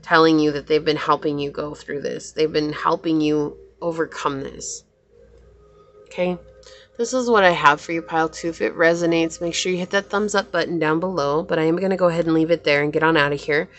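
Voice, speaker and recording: Warm-hearted female tarot reader, emotional and affirming delivery, slightly low pitch, faint background music. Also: fairly even intonation, a little fast. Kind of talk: pick-a-card tarot reading.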